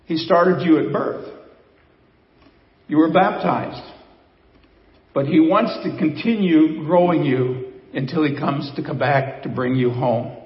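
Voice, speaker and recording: An older male pastor delivers a conversational sermon, putting questions to his congregation. His voice sits a little high for a man. It rings through a long church reverb, and the sound is a bit dull. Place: church sanctuary. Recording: echoey church hall, slightly dull.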